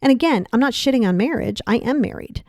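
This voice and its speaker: A woman's voice: quick pace, dry recording, studio quality. Blunt, frank woman in her fifties. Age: 50s. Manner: blunt and frank, swears casually; animated, pitch jumps for emphasis. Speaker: podcast host. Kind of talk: casual monologue.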